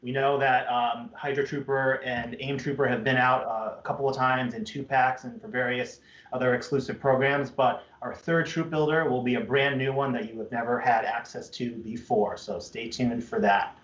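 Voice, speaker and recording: A man's voice: medium pitch, little pitch movement, normal speed, a bit bright. Upbeat man presenting in roomy audio. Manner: upbeat, filler-heavy presenting. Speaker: toy brand host. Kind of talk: live stream product presentation. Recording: muffled, roomy stream audio.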